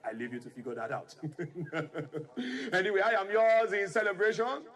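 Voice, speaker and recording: A boastful Nigerian party MC. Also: male voice, high-pitched, very animated, fast talker, fairly bright tone. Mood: showy. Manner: playful, teasing, grand announcer delivery. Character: showy male party MC, playful and boastful. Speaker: master of ceremonies. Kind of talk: film drama acting.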